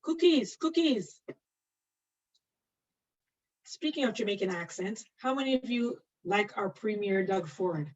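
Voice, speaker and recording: A middle-aged woman teaching an online nursing anatomy class, chatty and laughing often as she answers students by name. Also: medium pitch. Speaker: nursing instructor. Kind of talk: live online anatomy lecture. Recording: distant, dull lo-fi mic.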